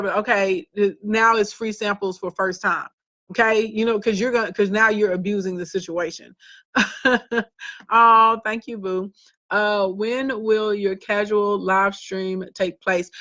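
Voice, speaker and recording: A woman's voice: mid-range voice, a bit bright. A woman with a Southern US accent, a business coach talking bluntly and sassily to viewers in a casual live stream. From Southern United States. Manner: sassy, blunt and talkative.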